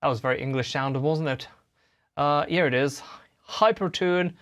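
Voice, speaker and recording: A man's voice: mid-range voice, steady tone, fairly quick, a bit bright. A man hosting a casual livestream, rambling chattily and answering chat messages while he plays guitar. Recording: guitar playing behind the voice.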